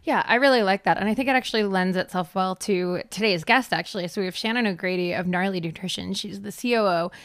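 A woman with a raspy voice co-hosting a podcast as a sports journalist, upbeat and brisk. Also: mid-range voice, dry recording, clean studio sound. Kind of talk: podcast intro and casual chat.

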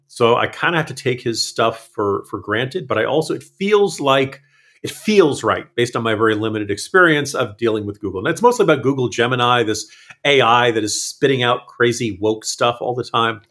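A man's voice: medium pitch, expressive, moderate pace, a bit bright. A man on a podcast panel chatting casually, often restarting and correcting himself mid-sentence. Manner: rambling, frequent self-corrections.

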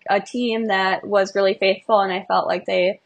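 A woman's voice: medium pitch, little pitch movement, moderate pace, muffled recording. A young woman, a marathon runner, speaking as a podcast guest in an earnest, emotional, bubbly way. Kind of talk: podcast interview.

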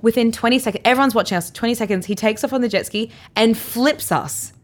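A young Australian woman co-hosting a podcast, telling a story in casual chat and acting out quotes with big leaps in pitch and frequent laughs. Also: quick pace. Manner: animated, acts out quotes with big jumps in pitch, laughs often. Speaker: podcast co-host.

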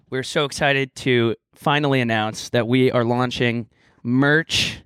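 A man's voice: medium pitch, steady tone, unhurried, few pauses, a bit bright, clear, resonant tone, dry recording. A young man co-hosting a podcast in casual chat, playful and rambling, joking around. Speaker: podcast co-host.

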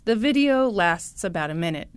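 A woman host telling a story in a lively chat, acting out the quotes. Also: medium pitch, normal speed, smooth, dry recording. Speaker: podcast host.

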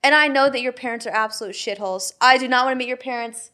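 A woman's voice: fairly high pitch, fast talker, sharp tone. A young woman co-hosting a podcast in casual chat, blunt and heated, swearing freely as she reacts. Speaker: podcast co-host.

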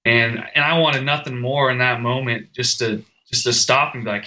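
A young man recounts his own story with feeling, stumbling and restarting as he goes. His voice is strikingly bright and forward, sitting at an ordinary pitch. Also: fairly even intonation, moderate pace, rough recording. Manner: earnest, emotional storytelling with restarts. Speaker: guest, firefighter. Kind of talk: personal story in a podcast conversation.

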